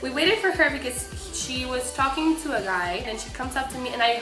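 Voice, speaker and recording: A young woman from Mexico, excitedly telling a story as a vlogger, with lots of filler words. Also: sits high, fairly quick. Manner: excitable, gushing, many fillers. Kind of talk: casual storytelling. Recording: echoey room with faint music.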